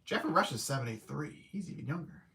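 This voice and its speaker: A man's voice: on the high side, lively intonation, fast talker, creaky, bright, forceful tone. A man hosting a casual livestream movie review, rambling and correcting himself as he thinks aloud. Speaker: film reviewer host.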